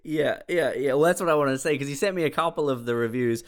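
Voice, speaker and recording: A man's voice: medium pitch, fast. A man co-hosting a casual podcast, asking dry, teasing questions. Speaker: podcast co-host. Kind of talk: casual chat.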